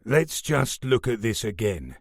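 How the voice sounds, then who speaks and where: A man voicing a stern, menacing police superintendent who talks in a measured, remorseless way. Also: fairly low pitch, big pitch swings, no echo, clean studio sound, exaggerated voice. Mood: cold.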